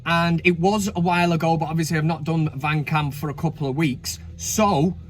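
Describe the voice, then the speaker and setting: A man's voice: a little high, fairly even intonation, moderate pace, very noisy. A man hosting a casual comedic countdown, chatting cheekily with frequent swearing and asides. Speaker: host.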